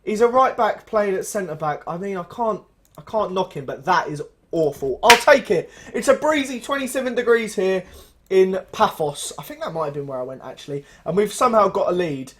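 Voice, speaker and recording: A man's voice: high-pitched, expressive, a little fast, fairly bright tone, a little hiss or hum. Exasperated young man, let's play. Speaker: gaming channel host. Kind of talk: let's play commentary on a management game.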